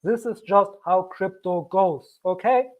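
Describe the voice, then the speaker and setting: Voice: medium pitch, unhurried, narrow, tinny audio. A crypto channel host giving emphatic solo commentary on a cheap microphone, repeating key warnings and acting out panicky investors.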